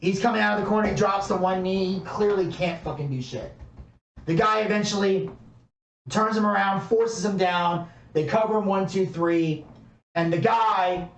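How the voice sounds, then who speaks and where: On a podcast he co-hosts, a man with a high-pitched voice tells a story at a moderate pace, casually, with plenty of fillers and swearing. The sound is dull, with room echo and a distant microphone.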